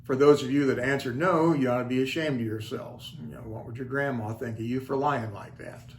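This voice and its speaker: A man's voice: medium pitch, fairly even intonation, a little fast, a little hiss or hum. An older man hosts his own video channel in a casual, folksy way. He pokes fun at himself with dry wit. His voice sits in the middle range and bounces in an echoey room over faint background ambience. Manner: wry, self-deprecating, folksy. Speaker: channel host. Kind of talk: casual storytelling vlog. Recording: roomy echo, faint ambience.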